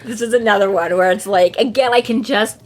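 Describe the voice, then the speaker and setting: A woman's voice: medium pitch, fairly quick. A woman co-hosting a podcast in casual, rambling chat, talking animatedly, laughing often and swearing freely. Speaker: podcast co-host. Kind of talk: casual rambling book discussion.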